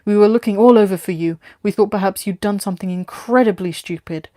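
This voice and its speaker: A woman's voice: medium pitch, fast talker, dark tone, lightly acted. A woman doing a stern scolding older man.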